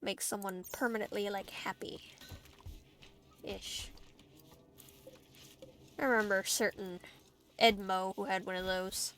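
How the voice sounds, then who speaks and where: A woman's voice: medium pitch, fairly even intonation, measured pace, long pauses, fairly bright tone. A woman streaming a game, chatting casually to her viewers, giggly and talkative as she plays. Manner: chatty, giggly, talks to herself and chat while playing. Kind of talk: casual gameplay livestream chat.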